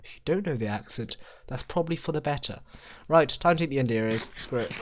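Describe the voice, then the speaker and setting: Gaming host, male, rambling self-mocking commentary, lively swooping pitch, faint keyboard clicks behind. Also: a little fast, a little hiss or hum. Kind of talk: casual game commentary.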